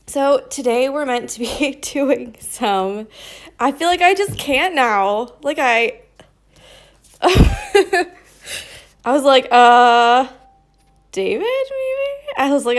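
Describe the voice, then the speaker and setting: A woman hosting a casual embroidery live stream, chatting on and rambling with frequent laughter. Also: fairly high pitch. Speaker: embroidery livestream host.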